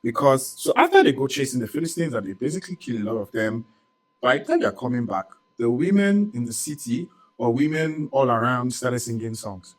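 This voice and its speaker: A man's voice: medium pitch, sing-song, fairly quick, rough recording. A man retelling a Bible story for a church audience in a casual, chatty way, full of "like" and "right?" and joking asides.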